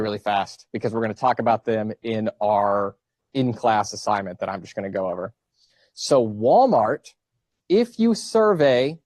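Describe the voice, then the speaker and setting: A man's voice: lowish voice, no echo. Man, 30s, college professor, casual joking lecture, dry close sound. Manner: casual, joking, asks the class questions. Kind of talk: classroom lecture with student banter. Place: classroom.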